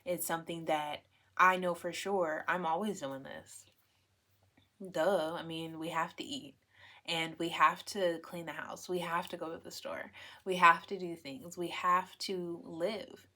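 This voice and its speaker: A woman's voice: fairly low pitch, level tone, unhurried, bright, forceful tone. A young adult woman hosting a podcast, talking in a casual, emphatic way and often checking in with "right?" and "okay?". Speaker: podcast host. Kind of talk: casual solo podcast talk.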